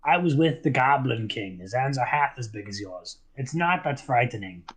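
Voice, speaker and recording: A man's voice: mid-range voice, expressive, normal speed, breathy edge. A man voicing a small, scornful male goblin prisoner in a tabletop game, taunting his captors.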